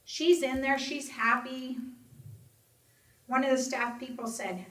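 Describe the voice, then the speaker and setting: Her voice sits high and she takes it slowly: a middle-aged Alzheimer's advocate telling an audience her personal story and voicing the people in it. Quotations come out in raised, expressive voices. The recording is distant and echoey, with faint room ambience.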